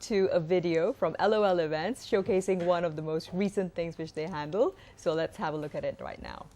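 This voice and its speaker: A woman hosting a TV interview, brisk and affirming as she moves the segment along. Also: fairly low pitch. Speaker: TV host. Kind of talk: studio interview.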